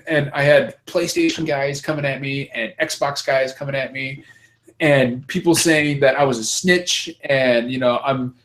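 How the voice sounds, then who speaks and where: A man hosting a gaming podcast, telling a story in an animated, profane, repetitive way. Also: mid-range voice. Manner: animated storytelling, heavy swearing, repeats words. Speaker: podcast host. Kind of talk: casual chat.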